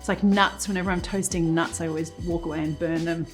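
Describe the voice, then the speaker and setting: A woman's voice: fairly low pitch, steady tone, fast. A woman hosting a casual cooking demonstration, chatting through each step as she cooks in a kitchen. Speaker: cooking show host. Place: home-style kitchen, cooking at the stove. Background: sizzling pan and soft music.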